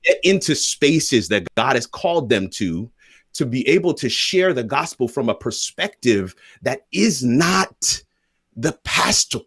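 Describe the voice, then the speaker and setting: A man's voice: medium pitch, sing-song, a little slow, a bit bright, breathy edge, no room sound, studio quality. Man giving a sermon-like point on a livestream. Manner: builds to a sermon-like point with repeated phrases. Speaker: panel guest sharing a faith message. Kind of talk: live-streamed panel talk.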